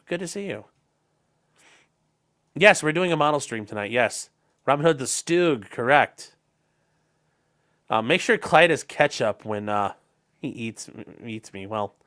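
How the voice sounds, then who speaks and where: Animated Northern Ohio man streaming. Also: mid-range voice, measured pace, long pauses. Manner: loose and jokey, swearing freely, rambling asides. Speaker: livestream host. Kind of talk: casual livestream chat, reading viewer messages.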